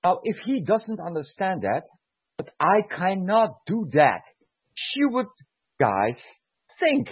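A man's voice: high-pitched, very animated, slow pace, slightly rough, no echo. A man who served as an army sergeant, talking heatedly and emotionally, swearing and repeating himself to press his point. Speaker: former army sergeant, guest. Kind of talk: heated conversational rant. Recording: dull lo-fi sound.

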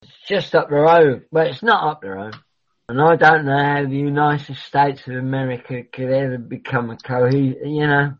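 A man's voice: mid-range voice, steady tone, normal speed. A man hosting a livestream in casual rambling chat, who swears freely and often trails off mid-sentence. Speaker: livestream host. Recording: dull lo-fi recording.

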